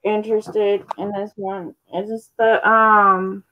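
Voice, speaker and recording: A woman's voice: medium pitch, level tone, slow, dull audio, slight background noise. A woman hosting a live online sale, chatting casually and describing each item in detail. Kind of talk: casual live-stream selling chat.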